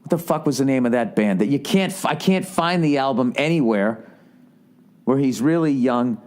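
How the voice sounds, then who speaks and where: Podcast host, man, 40s, Boston accent, mid-pitched, profane, rambling storyteller. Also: normal speed. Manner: rambling, profane, animated storytelling with acted-out quotes. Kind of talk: casual storytelling monologue.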